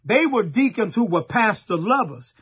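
A middle-aged pastor from Texas, preaching a sermon in a folksy storytelling way and talking straight to the congregation. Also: male voice, sits high, sing-song, moderate pace, a bit bright, slightly rough, muffled recording.

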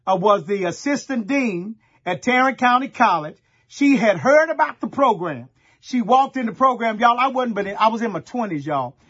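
A middle-aged Texas pastor with a high-pitched, fairly bright male voice preaches in a folksy, storytelling style, addressing the congregation directly. The recording has its highs cut off.

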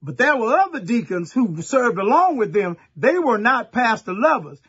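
A middle-aged pastor from Texas, preaching a sermon in a folksy storytelling way and talking straight to the congregation. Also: male voice, very high voice, very animated, normal speed, fairly bright tone, husky, muffled recording.

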